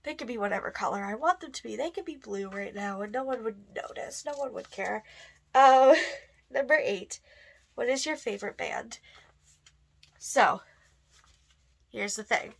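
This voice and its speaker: Gravelly-voiced woman vlogging. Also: on the high side, normal speed, pauses often. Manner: chatty, lots of fillers and laughs. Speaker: goth vlogger. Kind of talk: casual answers to a tag video.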